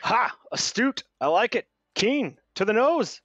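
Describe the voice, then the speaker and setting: A man's voice: very high voice, sing-song, slow pace, a bit bright, no echo, dull audio, pitched above the performer's own voice, exaggerated voice. A man voicing a flamboyant, boastful masked bard who exclaims grandly. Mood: exuberant.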